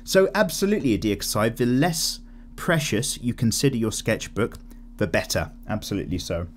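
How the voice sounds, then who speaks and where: A man's voice: on the low side, expressive, moderate pace, slight background noise. A young man casually chatting while he draws, reading viewer comments aloud and rambling candidly through tangents. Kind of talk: casual chat while drawing.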